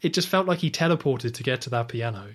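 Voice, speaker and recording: He speaks fast at a medium pitch with plenty of expression. As a podcast co-host, he chats through a scene from a film, saying "like" a lot and adding playful quoted reactions.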